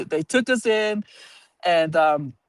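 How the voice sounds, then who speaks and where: Man, live personal storytelling, animated, blunt, casual swearing, dry sound. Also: sits high, slow pace, no echo. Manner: animated, acts out quoted voices, laughs while telling.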